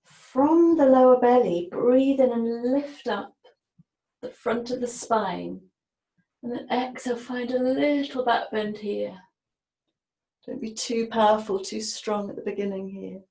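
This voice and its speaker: A woman yoga teacher talks a class through breath and movement in a slow, soft cadence. Her voice is mellow and dark, and it rings in an echoey room. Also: on the high side, fairly even intonation. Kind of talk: guided yoga class instruction.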